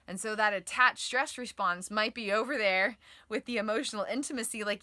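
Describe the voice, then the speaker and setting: Bright-voiced woman teaching about stress. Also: medium pitch, moderate pace, no room sound. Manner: explanatory, filler-heavy with frequent "like" and "um"; acts out inner voices dramatically. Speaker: trauma and nervous-system educator. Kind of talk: online teaching video.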